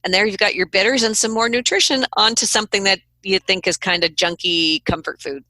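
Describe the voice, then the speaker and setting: A woman's voice: mid-range voice, a little fast, pushed and bright, no echo. A woman hosting a radio show, chatting in a conversational way with her guest. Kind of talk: radio interview talk.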